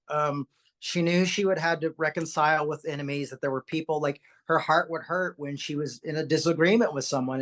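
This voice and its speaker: Podcast host, lively storyteller, casual and chatty, stumbles and repeats words. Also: mid-range voice. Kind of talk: podcast conversation, personal storytelling.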